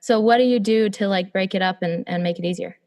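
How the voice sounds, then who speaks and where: A woman's voice: medium pitch, fast talker, darkish tone, muffled recording. Enthusiastic woman podcast host. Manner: enthusiastic, affirming, laughs often. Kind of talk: casual interview chat.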